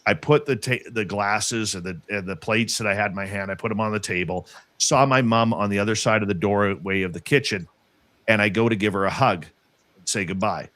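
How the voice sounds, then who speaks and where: A man earnestly telling a personal story in casual conversation, halting and restarting as he goes. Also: lowish voice, fairly bright tone, no echo.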